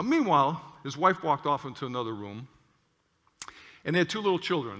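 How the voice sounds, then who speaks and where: A male clinician giving an animated lecture with stories, often checking in with "okay?". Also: on the high side. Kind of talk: lecture with storytelling. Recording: long hall reverb.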